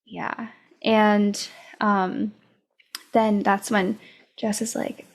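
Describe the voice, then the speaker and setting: Woman host, unhurried book recap, mid pitch, lots of ums and likes. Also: level tone. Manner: unhurried retelling with many fillers. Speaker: podcast host. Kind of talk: casual book discussion.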